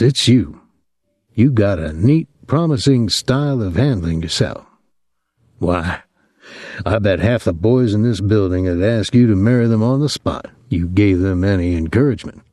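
A man reading as a young soldier from Saint Louis, talking in a soft, lazy drawl with an ironic edge. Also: fairly low pitch, expressive, moderate pace, dry recording, clean studio sound.

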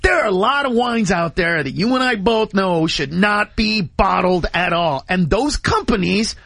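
A man in casual radio studio chat, telling animated stories and acting out the people in them. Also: high-pitched, normal speed, creaky, no echo. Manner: animated storyteller, acts out quoted voices.

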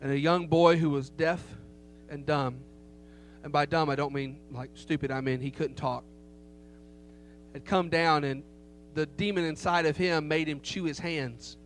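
A man's voice: fairly high pitch, fairly even intonation, measured pace, pauses often, faint music behind. A middle-aged man preaching a sermon, telling a story with emphasis and rhetorical questions to the congregation. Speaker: pastor. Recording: faint hum behind the voice.

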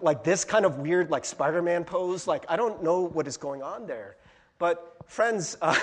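Male pastor, high husky voice, very animated and conversational, lots of asides and playful impressions. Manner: casual, chatty preaching with many "right?" asides and playful impressions. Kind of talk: sermon.

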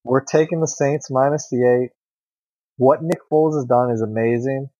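A man's voice: mid-range voice, moderate pace, mellow, no echo. A man co-hosting a sports betting show who lays out his picks in a matter-of-fact way. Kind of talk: casual sports betting talk. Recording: dull, dry lo-fi sound.

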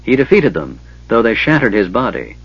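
A big, loyal warrior speaks in a husky voice, as a male narrator puts him on. His tone sits low. The recording sounds dull and lo-fi. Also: very animated, normal speed, heavily acted. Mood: earnest.

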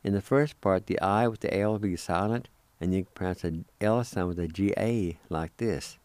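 A man hosting a radio language lesson, spelling words letter by letter and repeating each pronunciation slowly. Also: deep voice, darkish tone, no echo. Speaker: radio host teaching Cherokee words.

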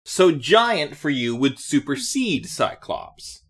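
A man's voice: on the high side, very animated, takes it slowly, a bit bright, breathy edge. A man co-hosting a comedy podcast, talking in a playful, jokey way and often tripping over his words. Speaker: podcast co-host. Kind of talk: casual comedic chat.

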